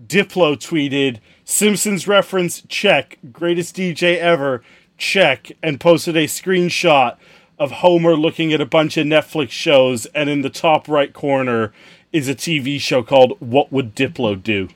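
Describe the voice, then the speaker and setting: A man co-hosting a podcast who tells stories with deadpan asides in casual banter. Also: fairly high pitch, a little slow, no room sound. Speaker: podcast co-host.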